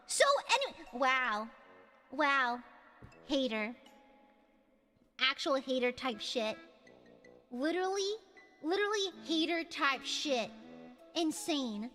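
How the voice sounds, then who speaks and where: A woman hosting a casual livestream and reading chat, with dramatic, shouty mock outrage and playful insults. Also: very high voice, lively intonation, takes it slowly. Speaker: streamer host reading chat. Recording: long reverb with music behind.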